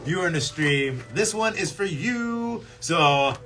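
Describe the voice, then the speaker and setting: Bright, lively jokey male stream host. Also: a little high, soft background music. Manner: jokey, playful, quick to put on silly voices. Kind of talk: casual live-stream hosting.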